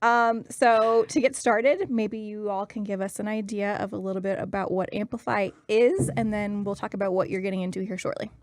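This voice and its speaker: A woman's voice: mid-range voice, fairly even intonation, moderate pace, hardly any pauses, a little mellow, no room sound. A young woman hosting a casual studio talk show, upbeat and teasing her guests. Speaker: host.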